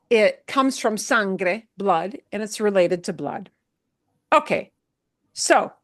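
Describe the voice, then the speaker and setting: A woman's voice: on the high side, fairly bright tone, dry recording, clean studio sound. A woman teaching a Spanish lesson, explaining words patiently and checking in with her listeners as she goes. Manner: patient, checks in with "yeah?" and "okay?".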